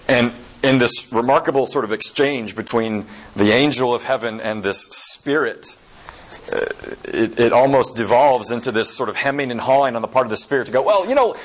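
A man giving a sermon, retelling a story with many fillers and slow, emphatic phrasing. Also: medium pitch, rough recording.

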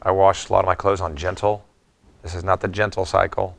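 Deep gravelly-voiced middle-aged male preacher. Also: little pitch movement, a little fast, fairly bright tone. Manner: reflective, conversational preaching with personal stories. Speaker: pastor. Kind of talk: sermon.

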